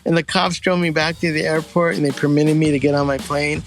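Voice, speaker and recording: A man from the United States telling stories casually, lively and acting out the people in them. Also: fairly high pitch, fairly quick. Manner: animated, acts out voices and sings in quotes. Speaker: storyteller guest. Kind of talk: casual storytelling.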